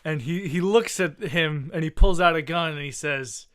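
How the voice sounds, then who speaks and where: Bright-voiced man improvising a comic tale. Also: a little high, moderate pace, few pauses, smooth. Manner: hesitant, many restarts, giggly. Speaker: podcast co-host. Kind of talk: improvised comedy storytelling.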